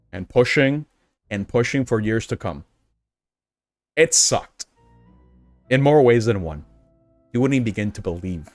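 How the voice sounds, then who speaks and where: A young man chats through a live stream in a loose, rambling way, restarting sentences and breaking into laughter when something excites him. His voice sits at an ordinary pitch and sounds close and dry, with faint music playing quietly behind him. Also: no room sound. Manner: rambling, with frequent restarts and filler; gets excited and laughs when recalling fun moments. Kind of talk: casual live-stream commentary.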